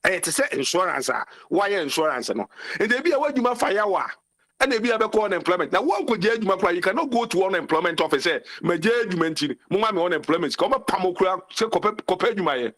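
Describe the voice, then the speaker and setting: A man's voice: high voice, very animated, quick pace, fairly bright tone. A man with a Ghanaian accent, calling in to a talk show and ranting passionately, repeating his phrases. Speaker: caller. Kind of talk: call-in commentary mixing Twi and English.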